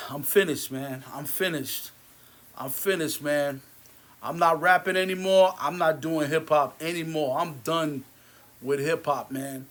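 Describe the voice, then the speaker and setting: A man with a rather high voice rants to camera, heated and bitter. He repeats himself and restarts his lines, then lets his voice drop low and quiet in tired stretches. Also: steady tone, a little slow. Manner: repetitive, many restarts. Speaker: movie theater owner. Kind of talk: angry rant to camera.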